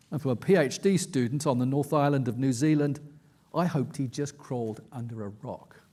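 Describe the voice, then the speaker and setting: A man reads aloud from his own book to a conference audience. His voice sits a touch higher than most men's, and his delivery is measured and dry, like a storyteller setting a scene. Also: a little mellow. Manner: measured, dry storytelling read with quoted asides. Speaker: investigative journalist, author. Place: conference stage.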